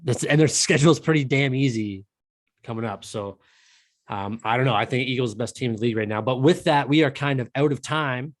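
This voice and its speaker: A man's voice: medium pitch, brisk, dry recording, studio quality. A man co-hosting a casual sports podcast, talking bluntly with some swearing and frequent restarts. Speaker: podcast co-host.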